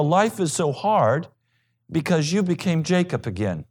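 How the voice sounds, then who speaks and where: A male pastor preaching a sermon with emphasis, swinging from loud high peaks to low quiet asides.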